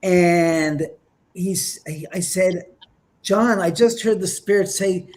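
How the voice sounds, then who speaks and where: A man with a slightly high voice recounts his experiences as an interview guest. He tells it with a lot of life, acting out quotes, exclaiming and sometimes dropping to a whisper. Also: slow. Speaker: paranormal investigator guest. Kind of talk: animated storytelling in an interview.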